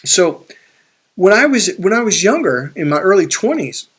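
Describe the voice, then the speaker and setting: A man's voice: high-pitched, very animated, moderate pace, a bit bright, slightly rough. Profane, rambling man telling a story. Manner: profane, rambling, with frequent restarts. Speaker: spiritual and life coach. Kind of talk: casual storytelling monologue.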